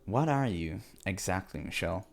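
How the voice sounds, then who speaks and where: This is a cruel, sneering young woman captor who mocks her prisoner in a visual novel, with a man reading her part. The voice sits fairly low, and it taunts without pause. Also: animated, vocal fry, heavily acted.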